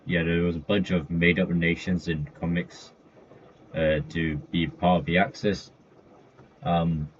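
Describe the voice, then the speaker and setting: A man in casual commentary running through a list of comic villains, rambling with fillers and self-corrections. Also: sits low. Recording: dull lo-fi mic with faint noise.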